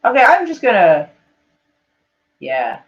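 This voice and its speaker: A woman's voice: mid-range voice, wildly swooping pitch, slow pace, dull audio. A woman live-streaming in a casual chat, reading tweets aloud to her viewers, swearing freely and laughing often.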